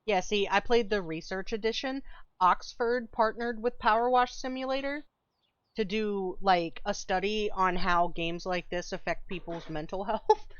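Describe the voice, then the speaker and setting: A woman's voice: mid-range voice, measured pace, smooth, dry recording, highs cut off. Laid-back swearing woman streamer. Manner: laid-back, swears freely, chats with viewers. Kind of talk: casual gaming stream chat.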